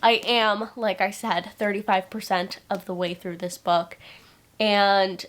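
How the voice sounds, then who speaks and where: A young woman chats casually to camera about her reading, her voice sitting at an ordinary middle pitch. She gushes with quick bursts of excitement and keeps the tone loose and friendly. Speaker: book vlogger. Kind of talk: casual reading vlog chat.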